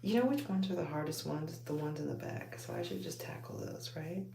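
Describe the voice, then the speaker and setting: A woman with a Texas accent rambles to her viewers in a low, gravelly voice, laughing often as she chats late at night. The room is echoey and a faint hum sits behind her. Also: fairly quick, mellow. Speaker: vlogger talking to viewers. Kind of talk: late-night casual chat while taking out braids. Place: home at night, under a bright light.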